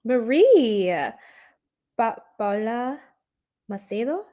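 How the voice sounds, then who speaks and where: Giggly woman on a live stream chatting w her viewers, kinda high voice, flustered. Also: very animated, very slow, mellow. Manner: giggly, flustered, talks straight to chat. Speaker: astrology livestream host. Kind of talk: casual livestream chat with viewers.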